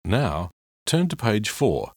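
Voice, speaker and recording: Slow, lively male storybook narrator. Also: on the low side, noisy background. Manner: slow, expressive reading. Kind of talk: children's audiobook read-along.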